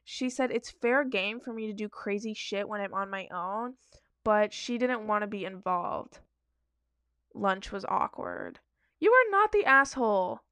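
A woman's voice: mid-range voice, steady tone, unhurried, fairly bright tone, clear, resonant tone, no echo. A woman giving casual, blunt reaction commentary on advice-forum stories, emphatic and profane.

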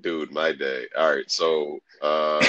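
A man chatting as a guest on a casual podcast, relaxed and easygoing, laughing often. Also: very deep voice, no room sound, muffled recording.

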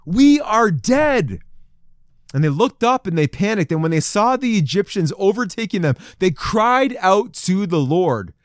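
A man preaching a sermon to a men's group, reading scripture and acting out the people's voices with lively emphasis. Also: sits high, moderate pace, hardly any pauses, no echo, studio quality. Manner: animated, acts out crowd voices in quotes. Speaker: pastor. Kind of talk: sermon to men.

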